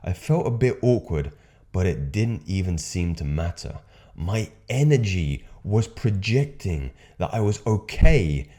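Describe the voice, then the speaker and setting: Young guy coaching other men, low voice swinging up and down a lot, earnest, drops f-bombs. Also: mellow. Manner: earnest and emphatic, swears casually. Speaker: self-improvement coach. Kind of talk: motivational monologue.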